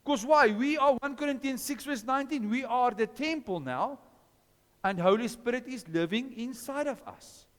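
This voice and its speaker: Animated high-voiced preacher in a reverberant hall. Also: male voice, moderate pace. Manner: questions the congregation, animated. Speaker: pastor. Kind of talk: sermon.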